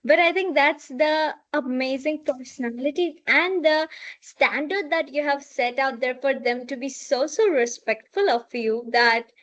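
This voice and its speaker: A woman's voice: sits high, unhurried, a bit bright. A young adult woman hosting an interview podcast, enthusiastic and affirming, often chiming in with agreement. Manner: enthusiastic, affirming, frequent backchannels. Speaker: podcast host. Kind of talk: conversational interview. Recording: slightly dull, lo-fi sound.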